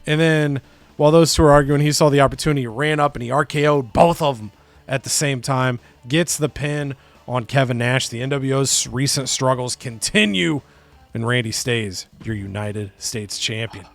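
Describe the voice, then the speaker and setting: A young man chatting casually, retelling game events with quick silly character voices. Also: mid-range voice, gravelly. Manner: animated storytelling, slips into quick silly voices. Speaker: game show co-host recapping matches. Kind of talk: casual chat.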